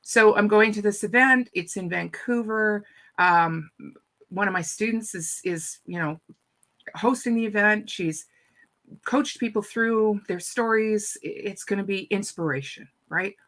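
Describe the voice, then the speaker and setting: A woman telling a story in an animated, casual chat, often repeating her first words. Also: medium pitch, unhurried. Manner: animated, repeats words when starting sentences. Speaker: guest speaker.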